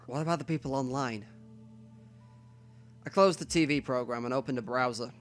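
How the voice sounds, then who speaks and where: A man reading a visual novel aloud as the host of a let's play, with quiet asides to himself between stretches of narration. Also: mid-range voice, normal speed.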